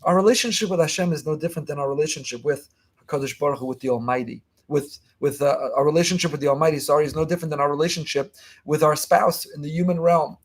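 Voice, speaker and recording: A man giving a fast, emphatic Torah lesson as a rabbi, repeating key phrases. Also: a little high. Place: online class.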